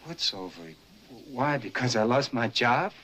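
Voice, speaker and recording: A guilty, pleading young husband. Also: male voice, mid-range voice, expressive, unhurried. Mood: anxious. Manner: soft, hesitant, stammering. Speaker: film actor. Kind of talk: 1950s film drama acting.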